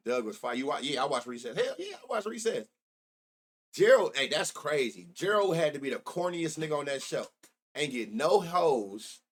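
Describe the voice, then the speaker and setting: A man's voice: a little high, big pitch swings, normal speed, slightly rough. A middle-aged man hosting a sports betting live stream, chatting loosely and profanely while reminiscing and reacting to his chat. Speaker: sports betting show host.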